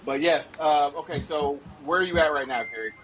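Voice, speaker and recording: A man's voice: on the high side, fairly quick, a bit bright, slight background noise, poor audio. A man hosting a casual podcast over a phone, talking in a rambling, apologetic way and repeating himself. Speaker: podcast host.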